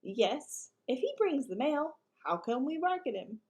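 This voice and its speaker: A woman voicing a timid, jittery young male ranch dog with a high, anxious voice. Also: sing-song, unhurried, a little mellow. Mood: earnest.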